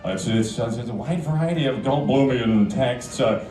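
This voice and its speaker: A man impersonating a quirky older male actor, with halting, drawn-out, stammering musings. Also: mid-range voice, roomy sound, distant mic, voice pushed down, close to an everyday voice.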